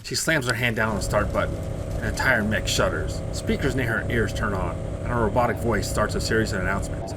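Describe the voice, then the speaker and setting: Low-voiced man narrating a story. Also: fast, very noisy. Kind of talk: scripted narration.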